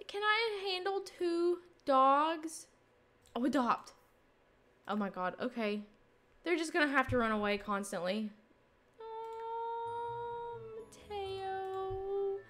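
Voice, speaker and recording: Lively high-pitched young woman gamer. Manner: excitable, dramatic reactions to the game. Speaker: gaming YouTuber. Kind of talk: casual let's play commentary.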